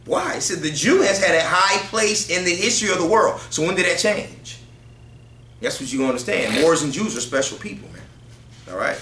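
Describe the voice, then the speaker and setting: Male study leader, casual and conversational, keeps asking the room "right?", bright voice in an echoey space. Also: sits high, lively intonation, fairly quick. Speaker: teacher leading a group study. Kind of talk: religious group study, reading aloud from books.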